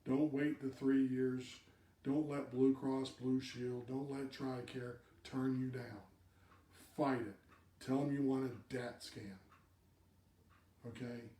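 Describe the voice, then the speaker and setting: A man's voice: medium pitch, fairly even intonation, takes it slowly, warm tone, echoey room, far from the mic. A man hosting a live video cast, giving direct advice to viewers and repeating words for emphasis.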